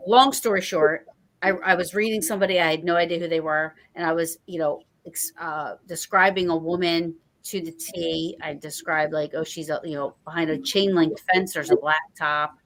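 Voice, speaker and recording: Woman, host, lowish voice, rambling, filler-heavy, casual chat. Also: steady tone, normal speed, fairly bright tone, poor audio. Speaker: podcast host.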